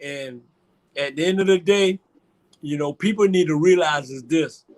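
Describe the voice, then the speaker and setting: An older man hosting a show, crying as he gives a halting, emotional tribute and often repeats his words. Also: a little high, a little mellow. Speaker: show host.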